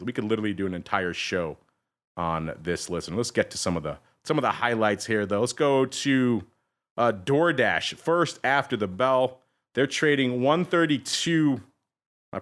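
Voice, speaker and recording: Male podcast host, mid pitch, upbeat auctioneer-style market rundown. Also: fairly bright tone. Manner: upbeat, addresses listeners, quick list reading. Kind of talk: rapid-fire market rundown.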